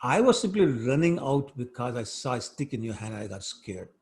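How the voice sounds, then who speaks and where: A man voicing a mischievous little boy who pleads innocence in a high, whiny voice. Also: sing-song, a little fast, a little mellow. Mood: pleading innocence.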